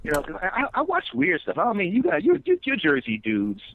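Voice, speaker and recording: A man's voice: high-pitched, huge pitch swings, a little fast, gravelly, narrow, tinny audio, slight background noise. A man, a comedian guest, telling stories in an interview, rambling with restarts and acting out quotes. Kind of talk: storytelling interview chat.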